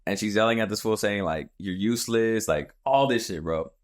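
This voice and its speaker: A young man tells a story on a podcast in loose, casual chat. His voice sits fairly low, and he gets animated and swears as he acts out what other people said. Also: a little fast. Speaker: podcast host.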